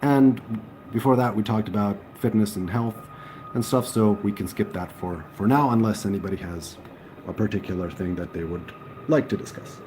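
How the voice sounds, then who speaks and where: A man's voice: lowish voice, moderate pace. A man chatting casually to viewers on a livestream, rambling with fillers and restarts. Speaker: livestream host. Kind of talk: casual live-stream chat. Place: indoors near a railway line. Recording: faint train noise in background. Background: passing train noise.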